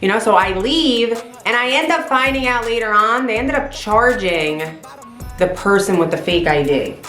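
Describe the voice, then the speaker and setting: A woman vlogger casually telling a story in an animated way, swearing freely. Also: mid-range voice, moderate pace. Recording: roomy with faint music.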